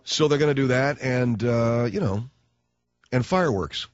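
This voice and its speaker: A man's voice: mid-range voice, moderate pace, no room sound. Brief: blunt, sarcastic male radio host ranting into a studio mic, dull dry sound. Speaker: radio talk show host. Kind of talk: talk radio monologue.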